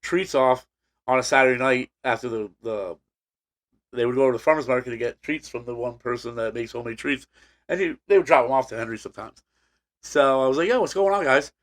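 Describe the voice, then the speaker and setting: Speaking a little fast in a mid-range voice, a man co-hosting a casual podcast rambles through a long story. He restarts often and fills gaps with filler words.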